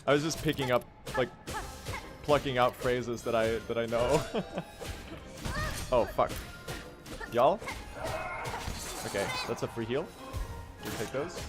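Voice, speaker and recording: A man's voice: mid-range voice, slow pace, pauses often, music in the background. A young man speedrunning on a live stream, casually commentating, swearing and addressing his chat.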